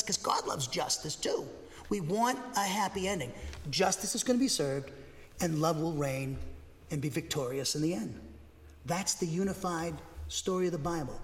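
An older man preaching a sermon, telling stories in a rambling, folksy way with sudden bursts of emphasis. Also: a little high. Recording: long hall reverb.

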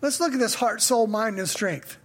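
A man's voice: high voice, normal speed. A male pastor preaching a sermon in a conversational style that builds to emphatic questions.

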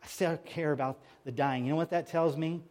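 A middle-aged male pastor with a high voice delivers a sermon. He preaches emphatically, dropping to a near hush and then rising to loud, pressing lines. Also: fairly even intonation, fairly quick. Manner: emphatic preaching, swings between hushed and loud.

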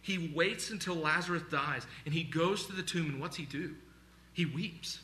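Pastor guy preaching, real bright tone, earnest and pushing hard on his points. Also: on the high side, moderate pace. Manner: earnest, emphatic preaching with scripture reading. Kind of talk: sermon.

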